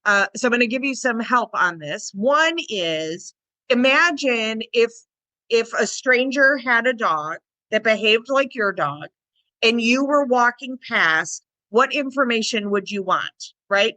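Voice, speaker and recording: A woman dog trainer co-hosting a casual podcast, chatty and lively, acting out little bits of dialogue as she explains. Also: a little high, a little slow, no room sound. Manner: lively, chatty, acts out little voices and quotes.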